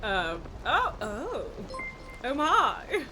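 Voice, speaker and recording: A woman streamer with a high, bright voice that swings all over. She talks in an unhurried way, breaking into laughter and cursing at her pet as she chats live from her home setup. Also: wildly swooping pitch, faint music behind. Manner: laughs often, swears and scolds her pet. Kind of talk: casual live-stream chat. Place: home streaming room with acoustic foam.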